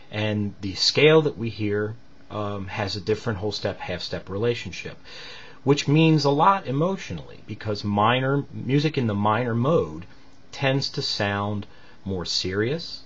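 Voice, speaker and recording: A man's voice: on the low side, breathy edge, muffled recording. A man teaching a recorded music lesson, explaining patiently with many fillers between demonstrations.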